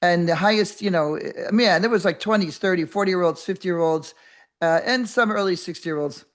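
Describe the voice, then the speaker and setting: An older woman hosting a podcast, telling a story in a rambling, animated way with many restarts and acted-out voices. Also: fairly low pitch, normal speed. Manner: animated, acts out quoted voices. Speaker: podcast host. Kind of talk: casual storytelling monologue.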